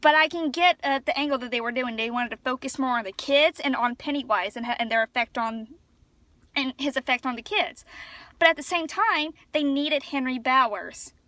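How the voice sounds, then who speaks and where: Woman vlogging on her phone, high voice, rambly and excitable, dry close sound. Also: normal speed, dry recording. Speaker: vlogger reviewing a film. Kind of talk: casual chat. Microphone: phone camera.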